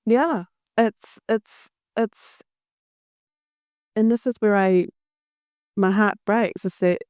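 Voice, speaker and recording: A woman hosts a podcast and talks reflectively, with a smooth, resonant voice. Her pitch is mid-range. The recording is dry and close. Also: slow, a little mellow, dry recording. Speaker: podcast host. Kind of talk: reflective conversation.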